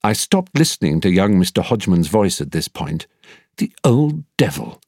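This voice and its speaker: A man's voice: low-pitched, big pitch swings, normal speed, darkish tone, slightly rough, dry recording, studio quality. A man reading a first-person story aloud in a droll, wry storytelling manner. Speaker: narrator. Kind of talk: scripted audiobook narration.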